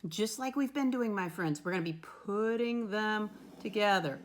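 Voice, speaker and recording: A woman teaching a first-grade lesson from home, talking slowly and encouragingly in a sing-song way to young children she calls her friends. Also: mid-range voice, roomy sound, recorded from a distance, slight background noise.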